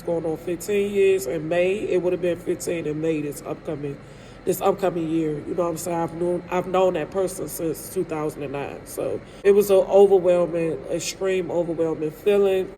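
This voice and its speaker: A woman's voice: lowish voice, warm tone, a little hiss or hum. A woman in her thirties telling a candid, emotional storytime vlog about her own life, rambling and often checking in with her listeners. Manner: candid, rambling, frequent "you know what I'm saying"; emotional and hurt.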